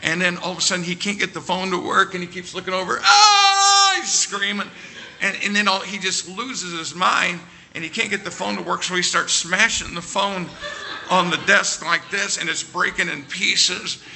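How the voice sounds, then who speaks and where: Gravelly, bright-voiced man preaching. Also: high-pitched, moderate pace. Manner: animated anecdote with quoted dialogue. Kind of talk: sermon storytelling.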